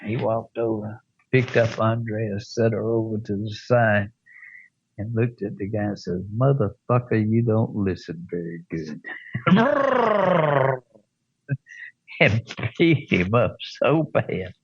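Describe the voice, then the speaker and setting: Slow gravelly older man. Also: on the low side, big pitch swings, no echo, dull audio. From American South. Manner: slow drawling anecdote with chuckles and profanity. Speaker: guest. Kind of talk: storytelling in an interview.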